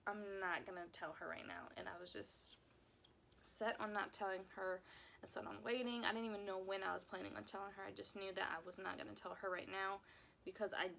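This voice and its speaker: A woman's voice: mid-range voice, fairly even intonation, a little fast, vocal fry, a bit bright, slight background noise. A young woman telling a personal story time on her vlog, emotional and rambling, often repeating herself. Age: young adult. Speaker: vlogger.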